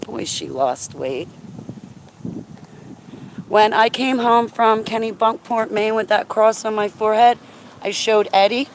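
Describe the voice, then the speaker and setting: A woman telling a story to her viewers in an excitable, chatty way while walking outdoors on a city street, often checking in with "right?". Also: on the high side, normal speed, slight background noise. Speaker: vlogger. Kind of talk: casual storytelling to camera.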